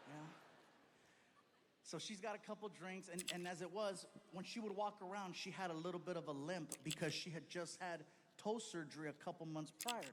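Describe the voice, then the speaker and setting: A male comedian telling a long story on stage, acting out every character, on a recording with clear background noise. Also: sits high, in a large hall. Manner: animated, acts out every character. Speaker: stand-up comedian. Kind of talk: stand-up storytelling.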